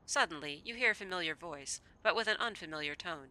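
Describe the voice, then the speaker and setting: A woman's voice: on the low side, quick pace, rough recording. A woman streamer reading a story game aloud and joking between passages. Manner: animated, joking commentary between read narration. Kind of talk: reading narration and chatting.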